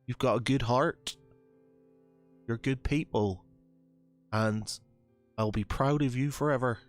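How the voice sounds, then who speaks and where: A man voicing a loving mother in a tabletop game, raising his voice high, stammering, gentle and reassuring. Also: slow pace, soft background music, close to an everyday voice. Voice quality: stammering, tender.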